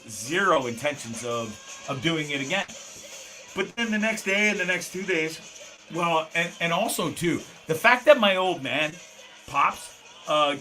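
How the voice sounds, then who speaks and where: A man's voice: fairly high pitch, bright, forceful tone. A middle-aged man from Canada, hosting a live show in a loose, rambling, profane way, laughing often and restarting sentences. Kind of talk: rambling live-stream chat. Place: small home studio. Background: faint background music.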